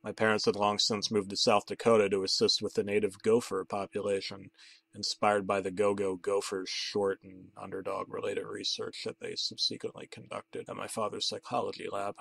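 A man narrating a comedic creepypasta story, deadpan and mock-dramatic. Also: on the low side, moderate pace, creaky, slightly rough. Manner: deadpan, mock-dramatic, rising to excited outbursts.

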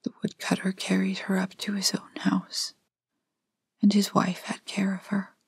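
Soft whispery lady reading a bedtime fairytale, whispered role-play, slow and flat, super breathy. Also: mid-range voice, dry recording. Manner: gentle, unhurried storybook reading. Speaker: storyteller.

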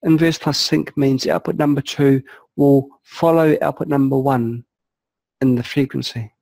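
A man calmly narrating a software walkthrough step by step, explaining each setting as he clicks through it. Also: medium pitch, unhurried, vocal fry, dry recording, poor audio. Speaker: software tutorial presenter. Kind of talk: screen-recorded software walkthrough.

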